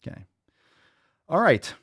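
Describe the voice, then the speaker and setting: A man hosting a fitness podcast, ranting loudly and swearing as he pushes listeners to act. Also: slow, no room sound, clean studio sound. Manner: profane, loud, hyped rants. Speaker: podcast host.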